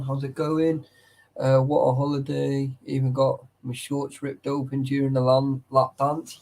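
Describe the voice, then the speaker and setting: A tired young man rambles through a casual livestream chat. His voice is mellow and dark, sitting at a middling pitch. He swears freely and keeps greeting his viewers by name. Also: flat delivery, unhurried. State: tired and sleepy.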